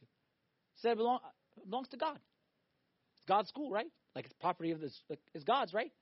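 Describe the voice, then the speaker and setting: Male pastor, middle-aged, higher voice; animated sermon delivery, loud peaks and hushed asides, dry close sound. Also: moderate pace, pauses often, breathy edge, no echo, dull audio. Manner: animated, swings between loud emphatic and quiet reflective delivery.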